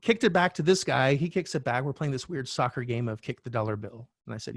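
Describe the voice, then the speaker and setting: A middle-aged man, a real estate coach, telling a candid personal story as a podcast guest, animated and swearing now and then. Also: medium pitch, fast, hardly any pauses, no echo, studio quality. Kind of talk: storytelling interview talk.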